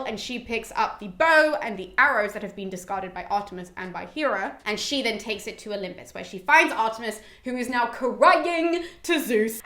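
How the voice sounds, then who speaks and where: A woman's voice: on the high side, a bit bright. A young British woman casually retelling a classic poem as a podcast host, chatty and swearing freely. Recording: roomy echo.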